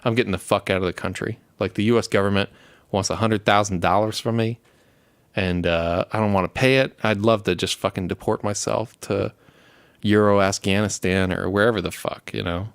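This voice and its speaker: Casting note: young adult man, low gravelly voice, dry close sound, loose rambling profane storyteller. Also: steady tone, brisk, no echo. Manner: rambling, swears constantly, laughs while telling stories. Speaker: show host. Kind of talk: casual profane chat.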